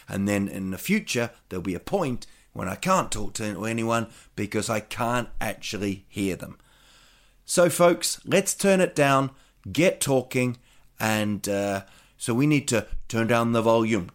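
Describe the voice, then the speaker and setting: A man's voice: medium pitch, measured pace. A man hosting a podcast, delivering a casual comedic rant with swearing and joking asides. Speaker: podcast host.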